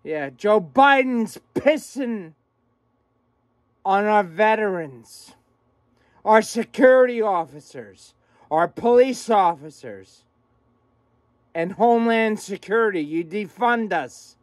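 High-voiced man in a slow, profane rant. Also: expressive, no room sound, studio quality. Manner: agitated, swearing constantly, repetitive. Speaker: vlogger. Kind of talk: angry profane rant to camera. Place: room at home.

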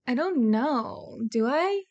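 A woman's voice: high-pitched, animated, slow pace, darkish tone, muffled recording. A woman co-hosting a casual music reaction chat and reading sponsor spots with bubbly enthusiasm. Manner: bubbly, enthusiastic, talks while eating snacks. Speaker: co-host of a music reaction channel.

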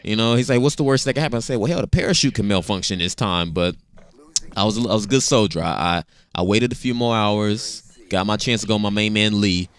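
A man in his thirties casually telling a personal story, animated and slangy, often repeating words as he talks. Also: fairly low pitch, a little fast, clean tone.

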